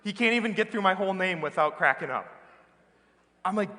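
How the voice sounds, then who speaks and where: A man with an American accent preaching a sermon as a priest, earnest and emphatic, slowing down on key words. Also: sits high, animated, sharp tone. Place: large church. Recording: reverberant church hall.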